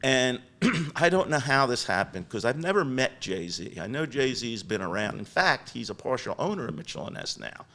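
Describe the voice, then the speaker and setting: Older male guest, chatty storyteller, mid-pitched, animated and rambling, podcast interview. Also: normal speed, few pauses. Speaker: guest business founder. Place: podcast studio.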